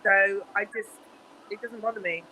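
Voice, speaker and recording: A woman's voice: mid-range voice, fairly even intonation, moderate pace, a crowd in the background, low-quality recording. A woman comedian on a virtual panel over a video call, speaking in a blunt, matter-of-fact way.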